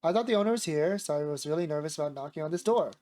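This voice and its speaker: A man with a sore voice voicing a chatty, excitable young woman while reading a visual novel aloud. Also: fairly high pitch, very fast, close to an everyday voice. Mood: eager.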